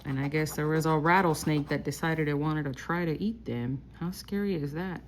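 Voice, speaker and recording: A woman hosting a casual vlog, reading out scratch-off symbols slowly one by one. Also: low voice, slight background noise. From Texas. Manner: slow, reads out symbols one by one while scratching. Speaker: lottery scratch-off vlogger.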